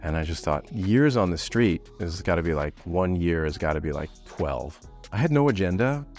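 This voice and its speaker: A man's voice: moderate pace, soft background music. A middle-aged man telling a personal story in casual monologue, acting out the voices of the people he quotes. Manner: animated, acts out quoted voices with pitch jumps.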